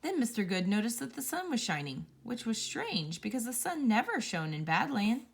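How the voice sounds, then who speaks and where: A woman reading a children's picture book aloud, telling it with playful, expressive storytelling. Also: fairly high pitch, normal speed, creaky, slight background noise. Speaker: storybook reader.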